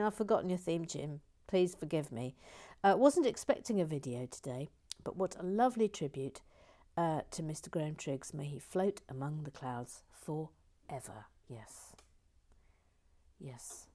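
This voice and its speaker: A woman's voice: low voice, lively intonation, measured pace, warm tone. A woman hosting a building channel, chatting in a rambling, self-mocking way and often dropping to a whisper. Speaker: host. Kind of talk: casual chat while building a model kit.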